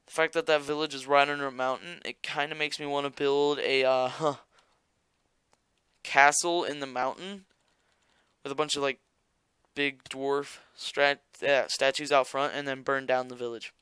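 A man's voice: mid-range voice, steady tone, unhurried, pushed and bright, smooth, dry recording. A young man rambling through casual gameplay commentary as a gaming YouTuber, joking and talking straight to his viewers. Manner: rambling, jokey, talks to viewers.

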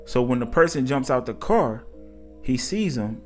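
A man narrating a casual story in a conversational, slangy, animated way. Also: mid-range voice, normal speed, faint music behind.

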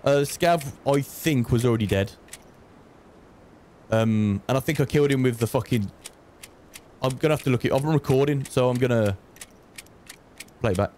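A man streaming a shooter game, muttering to himself and swearing, with sudden high excited yelps. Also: normal speed, long pauses, slight background noise. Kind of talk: casual gameplay commentary.

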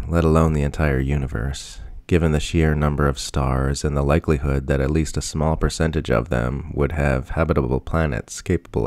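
A man reading a short story aloud in a measured, even storytelling manner. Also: rumbling low, dry recording, clean studio sound. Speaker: audiobook reader. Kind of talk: scripted story narration.

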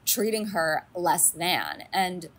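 A woman co-hosting a casual recap podcast, talking in an animated way with many fillers and acting out quotes. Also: fairly low pitch, takes it slowly. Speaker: podcast co-host.

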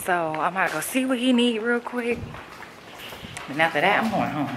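A woman's voice: medium pitch, moderate pace, noisy background. A woman vlogging in casual chat, telling stories. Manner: animated storytelling with laughs and squeals.

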